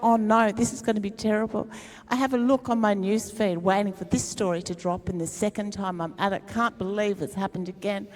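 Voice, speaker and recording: A middle-aged woman speaks to a live audience like the comedian she is. Her storytelling is chatty and self-mocking, with a middle-range voice and plenty of asides. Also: medium pitch. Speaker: speaker at a climate event. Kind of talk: humorous storytelling speech.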